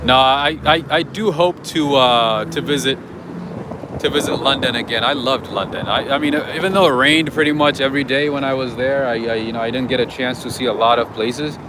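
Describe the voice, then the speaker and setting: A man's voice: mid-range voice, fairly quick. A man hosting an unscripted walking livestream, chatting and rambling through stories outdoors on city streets. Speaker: livestream host. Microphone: handheld camera while walking. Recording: loud street traffic noise.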